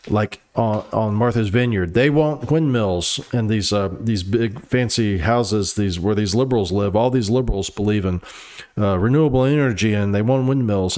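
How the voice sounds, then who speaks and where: Sarcastic man with a lowish voice. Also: a little mellow. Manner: sarcastic, rambling, reads news aloud with asides; frequent fillers and restarts. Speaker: political commentary host. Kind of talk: casual political commentary monologue.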